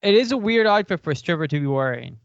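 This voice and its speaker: A man with an Irish accent chatting casually as a podcast co-host, rambling in an animated way. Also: high-pitched, fast, dry recording, highs cut off. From Ireland. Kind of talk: casual chat.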